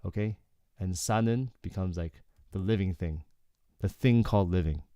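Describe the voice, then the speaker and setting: Male Korean tutor, deep and warm, laid-back explainer who keeps saying "okay". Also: a little fast, no echo, clean studio sound. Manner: relaxed, explanatory, frequent "okay" and "like". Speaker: Korean language teacher. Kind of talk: casual lyrics breakdown lesson.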